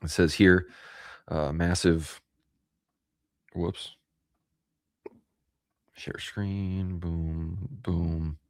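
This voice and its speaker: A man with a very deep voice and hiccups gives casual political commentary on a live stream, reading out news and viewer comments. The sound is dry and close, with no room around it. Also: flat delivery, very slow, long pauses, a little mellow, dry recording. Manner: reads out news and chat comments. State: has hiccups. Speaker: co-host.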